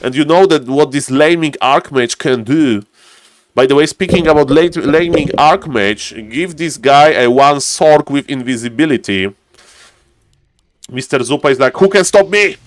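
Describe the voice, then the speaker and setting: A man casting a strategy game live, animated and laughing, breaking into high yelps. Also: measured pace, dry recording. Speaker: game caster. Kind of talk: excited live game commentary.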